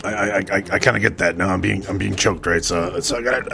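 A man's voice: low voice, quick pace, creaky, bright, forceful tone, soft background music. A man playing a tabletop game, talking in a hesitant, stammering way. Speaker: player. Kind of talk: casual tabletop game play.

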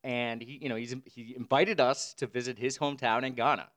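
A man's voice: mid-range voice, steady tone, fairly quick, a bit bright. A man chatting casually as co-host, telling a rambling story and laughing often. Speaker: podcast co-host. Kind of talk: casual chat. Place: Brooklyn.

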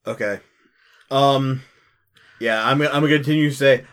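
A man's voice: mid-range voice, moderate pace, long pauses, a bit bright, smooth. A man playing a tabletop game, matter-of-fact, checking rules aloud. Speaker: player. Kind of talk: casual tabletop play.

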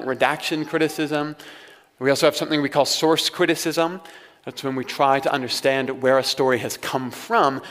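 A man's voice: mid-range voice, fairly bright tone. A man preaching a sermon as pastor, talking to his congregation in a conversational way with wry humorous asides. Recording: long hall reverb.

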